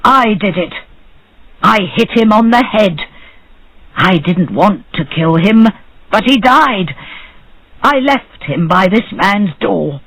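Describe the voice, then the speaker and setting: Old bird seller, panicky and loud, put on by a narrator, in a storybook reading. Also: male voice, high voice, lively intonation, slow pace, pauses often, dry recording, exaggerated voice. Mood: pleading. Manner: panicky shouting, then pleading.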